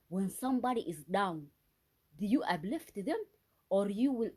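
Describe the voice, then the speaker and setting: A woman vlogger with a mid-range, darkish voice that has a breathy edge delivers an unscripted solo monologue. She sounds agitated and accusatory, often stopping to restart and repeating words for emphasis.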